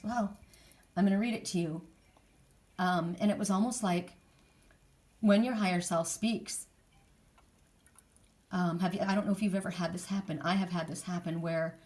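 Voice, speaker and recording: A middle-aged woman giving an earnest spiritual card reading, talking in a loose, rambling way with many restarts. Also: medium pitch. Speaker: oracle card reader. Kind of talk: spiritual reading, casual monologue.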